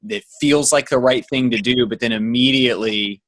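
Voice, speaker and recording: A man's voice: mid-range voice, fairly bright tone. A man and father talking thoughtfully on a podcast, hesitant and reflective. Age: adult parent. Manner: thoughtful, halting, many fillers and restarts. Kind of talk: casual podcast chat.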